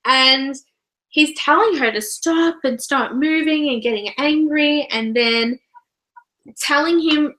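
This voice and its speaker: A woman's voice: high-pitched, slow pace, rough recording. A woman with an Australian accent, hosting a casual book discussion in a chatty, giggly way. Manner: chatty, giggly, animated retelling. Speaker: book reviewer, channel host.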